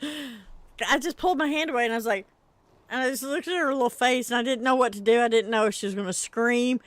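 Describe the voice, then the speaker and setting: A woman's voice: on the high side, brisk, no echo. Chatty woman telling stories. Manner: laughs often, chatty, self-mocking. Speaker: livestream gaming host. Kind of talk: casual storytelling chat with viewers.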